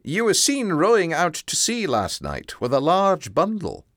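A man's voice: high voice, huge pitch swings, moderate pace, a bit bright, no echo, studio quality, voice pushed up, heavily acted. A man reading a storybook aloud, voicing a stern and worried policeman in a slightly raised, earnest tone. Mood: grave.

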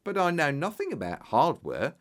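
An earnest young clerk, modest and a little taken aback, as a male narrator reads him, with a voice that swings widely in pitch. The delivery is plain and sincere, in a storybook telling. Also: huge pitch swings, moderate pace, fairly bright tone. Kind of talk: audiobook character voice.

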